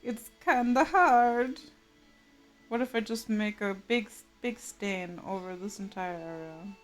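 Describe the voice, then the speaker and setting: A woman's voice: medium pitch, slow. A woman streaming live, chatting casually and laughing often while she mutters to herself over her drawing. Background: soft game music.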